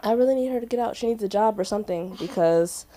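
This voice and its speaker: On stage at a comedy club's open mic, a young woman talks fast at a medium pitch while telling a story. Her delivery is giggly and animated, full of loud acted-out voices.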